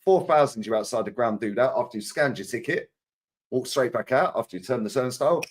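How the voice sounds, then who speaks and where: A man's voice: mid-range voice, animated, brisk. A man, a co-host in a casual football chat, talking in street slang and swearing freely. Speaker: co-host, Arsenal fan.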